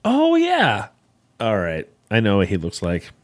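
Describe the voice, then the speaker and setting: A man's voice: low-pitched, normal speed. A man hosting a podcast, chatting casually and telling stories with swearing and laughter. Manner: animated storyteller, swears, laughs easily. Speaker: podcast host. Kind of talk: casual chat.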